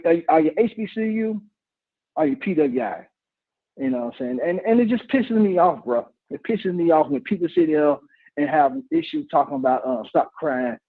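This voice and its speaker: A man's voice: a little high, gravelly. Man ranting emotionally on a call-in show over a tinny phone line. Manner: emotional, blunt, swears, rambling restarts. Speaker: caller. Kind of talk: heated call-in rant. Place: office cubicle.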